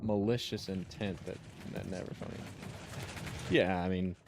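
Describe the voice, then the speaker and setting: Young guy streamer, slightly low voice, loose profane chatter, tells stories while playing. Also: fairly even intonation, moderate pace, creaky, background noise. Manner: rambling, profane, chuckles while telling stories. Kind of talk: casual chat while gaming.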